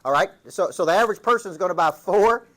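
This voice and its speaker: Punchy Southern coach, slightly high voice. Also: male voice, expressive, fast talker, fairly bright tone. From Tennessee. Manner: punchy storytelling, rhetorical questions. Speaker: business coach. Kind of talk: motivational seminar talk.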